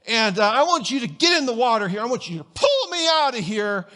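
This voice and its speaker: A man's voice: very high voice, very animated, a little fast, bright, forceful tone, voice pushed up, heavily acted. A man preacher voicing a petulant teenage boy who indignantly demands apologies during a sermon story. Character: whiny stranded male teenager demanding apologies.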